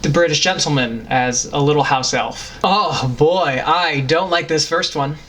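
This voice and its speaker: A man giving casual, wry commentary between his comedy character bits, in a relaxed, rambling way. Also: fairly high pitch, a little slow, poor audio. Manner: offhand, wry, rambling asides. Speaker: comedy content creator.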